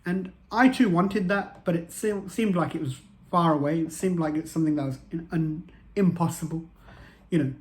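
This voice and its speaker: A man's voice: a little high, normal speed. A man, telling a personal story to camera in an earnest way and repeating phrases for emphasis. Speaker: motivational vlogger.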